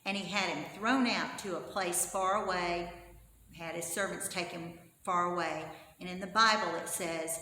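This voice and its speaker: A woman's voice: fairly low pitch, normal speed, slight background noise. Woman telling a Bible story in an echoey church hall. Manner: animated, expressive storyteller, asks the listeners questions. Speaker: Sunday school teacher.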